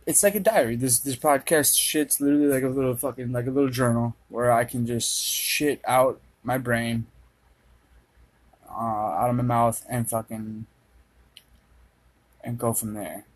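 Husky-voiced young man rambling on a podcast. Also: mid-range voice, fairly even intonation, measured pace, poor audio. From Minnesota. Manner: rambling, profane, laid-back. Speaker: podcast host. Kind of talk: casual solo podcast monologue. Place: dark room at home with a fan running.

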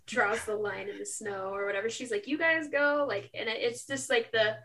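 A woman's voice: medium pitch, steady tone, brisk, creaky, fairly bright tone. A young woman co-hosting a book podcast in casual chat, retelling scenes emphatically. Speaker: podcast co-host.

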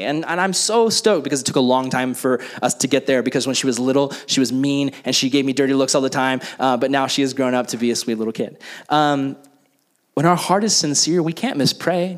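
A man's voice: medium pitch, fairly quick. A young man preaching a youth sermon in a casual style, full of fillers like "like", and then leading a closing prayer. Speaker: youth pastor.

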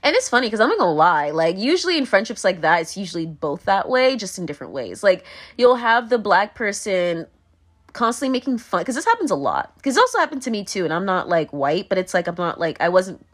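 A woman's voice: medium pitch, sing-song, fast. A young woman talking straight to camera in a blunt, rambling, swear-heavy monologue, often breaking into laughter. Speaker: vlogger.

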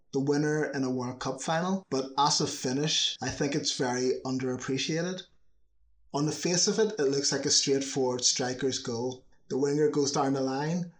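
A man narrating football history in a chatty scripted style, with wry asides. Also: medium pitch.

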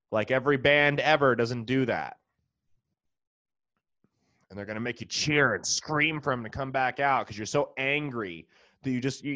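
A man's voice: medium pitch, a bit bright, dry recording. Profane, sarcastic ranting comic man. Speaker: comedian and podcast host. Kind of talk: comedic rant. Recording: dull lo-fi, dry.

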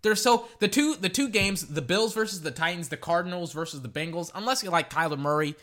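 Young man, casual sports rant, bright, raised voice, exasperated. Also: a little fast. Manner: exasperated, ranting, lively swings in pitch. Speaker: sports podcaster giving picks. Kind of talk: casual solo commentary. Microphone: echoey metal can around the mic.

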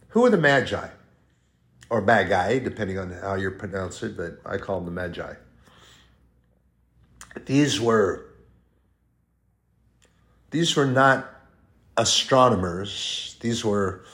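A middle-aged man preaching in a low voice at a slow, unhurried pace. He teaches from the Bible in a conversational way, with fillers and self-corrections. His soft, quiet asides give way to loud, rising proclamations.

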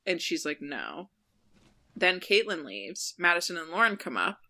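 A woman co-hosting a podcast, casually recapping a TV episode, quickly retelling scenes and quoting the characters' lines, laughing often. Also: lowish voice, very animated, sharp tone. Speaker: podcast co-host.

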